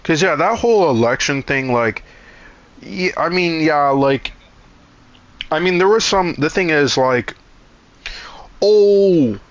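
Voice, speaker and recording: A man's voice: on the high side, animated, a little slow, fairly bright tone, no echo. A young man chatting casually while gaming, telling rambling, profane stories full of restarts and asides. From Canada. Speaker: gaming streamer.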